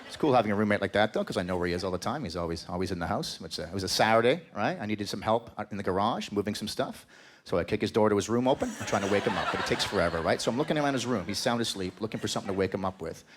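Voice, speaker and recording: A male stand-up comic performing a rambling club set, cracking crude jokes and calling out to the crowd. He talks at a quick clip, and clear noise runs under the stage recording. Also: on the low side, animated. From Canada. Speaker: stand-up comedian. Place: comedy club stage with live audience.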